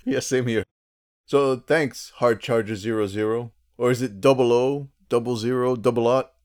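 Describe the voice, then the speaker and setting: A man's voice: medium pitch, fairly even intonation, normal speed, darkish tone. A man co-hosting a casual podcast, chatty and jokey, often restarting his sentences. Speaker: podcast co-host.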